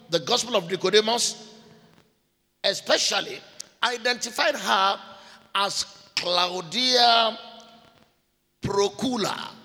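A man delivers a sermon with a high, bright voice. He speaks deliberately, repeating key phrases and spelling words out letter by letter. A long reverb trails each phrase, as in a large hall. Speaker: preacher. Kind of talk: sermon teaching.

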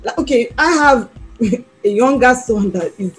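A high, bright-voiced woman in her thirties, talking animatedly about raising children in a faith-based chat. She laughs easily and slips into lively voices as she tells stories. Soft music plays faintly underneath. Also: unhurried, husky. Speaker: podcast co-host. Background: soft background music.

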